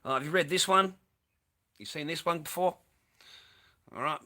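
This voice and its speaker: A man's voice: on the high side, normal speed, sharp tone, a little hiss or hum. A man ranting over news clips in a crude, sweary, sarcastic way. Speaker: online streamer.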